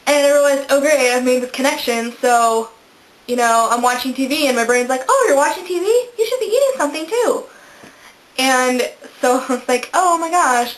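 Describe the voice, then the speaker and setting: A young woman in her twenties chats to camera in a casual vlog, her voice sitting a little high. She giggles often and makes fun of herself as she goes. The room around her rings with some echo. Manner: chatty, giggly, self-deprecating. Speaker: vlogger. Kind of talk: casual chat. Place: indoors, a room in a house. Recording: echoey room.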